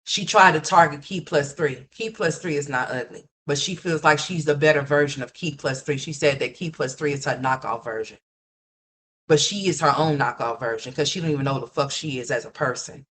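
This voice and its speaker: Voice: medium pitch, brisk, fairly bright tone. A livestream host giving ranting gossip commentary, blunt and profane, repeating points and talking straight to viewers.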